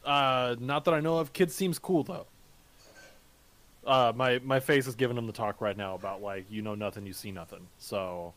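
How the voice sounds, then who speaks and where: A man plays a tabletop game, speaking in character. He halts often, restarting his phrases between fillers. His pitch sits in the middle. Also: a bit bright. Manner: halting, lots of restarts and fillers.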